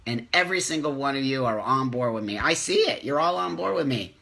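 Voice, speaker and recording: A middle-aged man hosts a live stream, reading viewer comments with passion and repeating himself for emphasis. His mid-range voice is animated, brisk, gravelly and bright, with a forceful tone.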